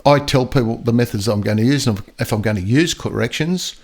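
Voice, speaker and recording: An older man, chatting casually as a podcast guest, acting out dogs and people in quick little voices. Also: medium pitch, expressive. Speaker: podcast guest storyteller and dog trainer. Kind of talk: casual chat.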